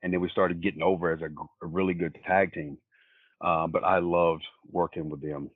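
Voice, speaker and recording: Deep-voiced man telling stories over a phone-like line. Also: steady tone, brisk, no echo. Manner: rambling, plain-spoken storyteller. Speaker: wrestler guest. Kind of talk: casual anecdotal storytelling. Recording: tinny phone-like line, dry.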